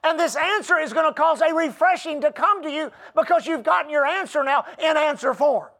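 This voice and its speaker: High-pitched male preacher. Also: bright, forceful tone. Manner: preaching with rising emphasis and call-and-response; reads scripture aloud slowly. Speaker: pastor. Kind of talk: sermon.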